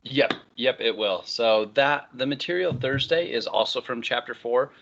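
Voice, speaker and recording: Bright-voiced male instructor, lo-fi. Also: mid-range voice, moderate pace, gravelly. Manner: relaxed, conversational, frequent "all right, so" transitions. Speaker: college instructor. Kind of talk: online lecture. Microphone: computer microphone.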